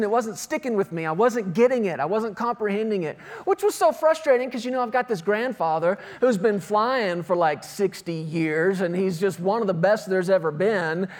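A man with a very high voice preaches. He reads scripture slowly and deliberately, stretching key words, then slips back into relaxed storytelling. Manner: reads scripture slowly with emphasis, tells stories in between. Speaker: pastor. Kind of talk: sermon.

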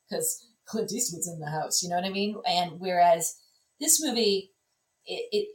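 Woman, low register, chatty guest critic; roomy, off-mic sound. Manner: animated, lots of fillers and restarts. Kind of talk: casual conversation. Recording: echoey room, distant mic.

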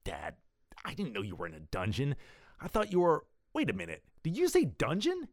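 A man voicing a flustered grown-up hero, firing off quick questions at his father. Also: on the high side, wildly swooping pitch, dry recording, clean studio sound.

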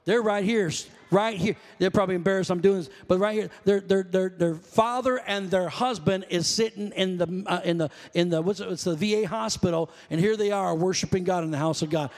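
A man's voice: sits high, brisk, few pauses, a little mellow, in a large hall. A male pastor preaching a sermon in a church, telling stories in a loose, conversational way with restarts and calling out to his congregation. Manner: conversational, rambling storytelling with self-corrections; calls out to congregation.

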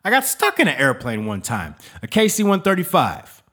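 A man's voice: a little high, huge pitch swings, normal speed, bright, forceful tone. A man hosting a podcast, telling a casual, rambling story with lots of swearing and restarts, often checking in with "all right?". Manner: profane, rambling, with frequent restarts. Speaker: podcast host, military veteran.

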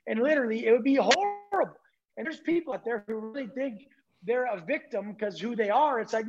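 A man's voice: very high-pitched, lively intonation, brisk, dull audio, slight background noise. A man guest on a podcast giving an intense, blunt, profane motivational talk.

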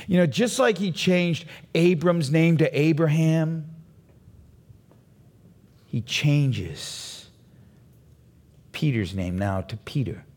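Animated man preaching a sermon. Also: a little high, takes it slowly, pauses often. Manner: animated preaching, building to emphatic peaks. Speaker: pastor. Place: church.

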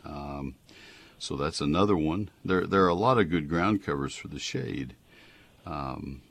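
A man's voice: very deep voice, lively intonation, a little slow, creaky, fairly bright tone, slightly rough. A man hosting a radio gardening call-in show, chatty and enthusiastic, with frequent uhs. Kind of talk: casual call-in radio talk.

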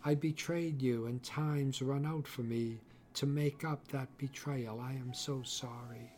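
Male narrator voicing a remorseful dying young woman; hushed, pleading, unhurried. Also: mid-range voice, fairly even intonation, natural voice. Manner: soft, hushed, apologetic.

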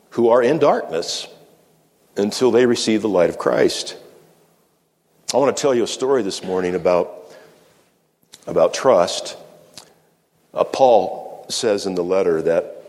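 A man's voice: low-pitched, a little mellow. Man preaching in an echoing church. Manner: measured preaching with slow emphatic pauses. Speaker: pastor. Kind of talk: sermon. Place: church sanctuary. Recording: long reverb of a church hall.

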